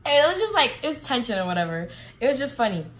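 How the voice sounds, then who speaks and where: A woman's voice: fairly high pitch, fast talker, poor audio. A young woman vlogger telling a casual storytime, full of fillers and swearing. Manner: animated, heavy filler words, swears freely.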